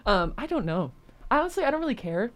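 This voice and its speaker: A woman's voice: fairly high pitch, big pitch swings, fast. A young woman co-hosting a podcast, talking casually, with lots of fillers and frequent laughs. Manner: chatty, laughs often, many "like" fillers. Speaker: podcast co-host. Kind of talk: casual chat.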